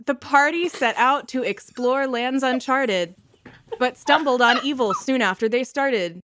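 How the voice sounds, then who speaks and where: A woman's voice: high voice, a little slow, background noise, pitched above the performer's own voice. A woman doing a charming, vain young man. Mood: recital. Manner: rambling, self-admiring.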